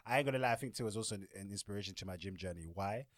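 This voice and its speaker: A man's voice: lowish voice, rapid-fire, dry recording, clean studio sound. A man co-hosting a podcast, chatting casually and playfully teasing. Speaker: podcast co-host. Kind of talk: casual chat.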